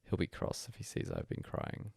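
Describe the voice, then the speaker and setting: A man reading a bedtime story aloud as a hushed, breathy first-person monologue. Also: normal speed, no echo, studio quality. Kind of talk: soft-spoken story reading.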